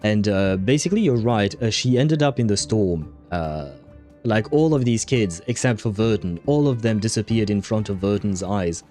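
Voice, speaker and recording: Rambling low-voiced male streamer. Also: animated, moderate pace, warm tone, faint music behind. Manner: rambling, many fillers, frequent laughs. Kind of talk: casual livestream chat reading viewer comments.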